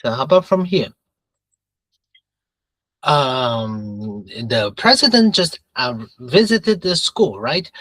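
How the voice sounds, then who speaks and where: A man teaching an English grammar lesson, going back and forth between English and Mandarin, repeating phrases and filling pauses with uh and okay. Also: on the high side, a bit bright, dry recording, rough recording.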